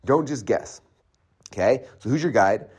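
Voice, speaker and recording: A man talking to camera about setting goals in a motivational tone, emphatic and peppered with fillers and quick "right?" asides. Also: mid-range voice, slightly rough. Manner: fast, emphatic, many fillers and rhetorical "right?"; grows animated and exclamatory. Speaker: entrepreneur and coach sharing advice.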